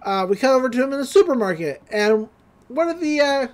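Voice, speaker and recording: A podcast host giving a casual, giggly recap of a cartoon episode, retelling scenes in an animated way. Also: high voice, a little fast.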